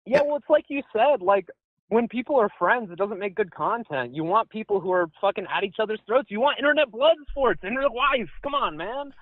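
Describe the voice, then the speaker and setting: A man calling in to a radio show over the phone, telling a story in a casual, animated way. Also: brisk, no echo. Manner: animated, high-pitched, jumps up when quoting himself. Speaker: phone-in caller. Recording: tinny phone line.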